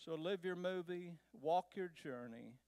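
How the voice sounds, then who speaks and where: A man from Texas, a guest speaker, telling a personal travel story to a church in a slow, unhurried way with pauses. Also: high voice, darkish tone, clean tone, dry recording. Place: church sanctuary.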